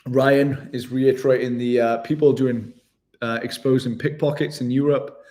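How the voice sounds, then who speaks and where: A man's voice: medium pitch, little pitch movement, moderate pace, dark tone. A man chatting casually with viewers on a live stream, laid-back and matey, calling everyone mate. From Wales. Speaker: travel vlogger hosting a live stream.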